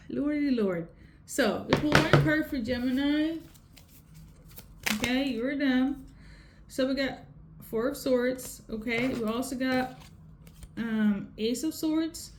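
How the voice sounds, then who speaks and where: Tarot reader, female, fairly high voice, chatty, keeps asking "okay?", roomy echo with faint hiss. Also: takes it slowly, long pauses. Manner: repeats "okay?" often, conversational. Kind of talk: casual tarot reading. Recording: echoey room with faint noise.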